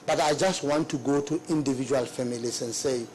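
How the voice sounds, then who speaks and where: A middle-aged man giving formal testimony at a hearing, earnest and remorseful, halting and repeating himself. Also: mid-range voice, a little mellow, slight background noise, rough recording. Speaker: witness at a public hearing.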